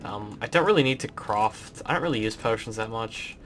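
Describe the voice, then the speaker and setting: A young Australian man with an Australian accent touched with British, giving rambling, relaxed gameplay commentary full of ums. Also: lowish voice, brisk, slight background noise. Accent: Australian, mixed with British. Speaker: let's play host.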